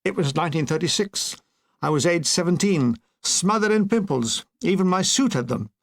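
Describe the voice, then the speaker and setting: A man's voice: sits high, lively intonation, normal speed. An older man reading his own war memoir aloud, with dry comic timing. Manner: dry comic delivery with brief put-on voices. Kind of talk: audiobook narration.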